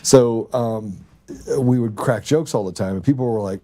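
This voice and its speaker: A man's voice: lowish voice, moderate pace, dark tone, husky. A man hosting a podcast, telling anecdotes in casual chat and laughing often. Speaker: podcast host.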